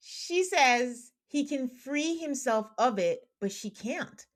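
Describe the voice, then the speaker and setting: Animated woman recapping a reality show. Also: high-pitched, very slow. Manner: animated, exasperated storytelling with acted quotes. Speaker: podcast host. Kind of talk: casual recap chat.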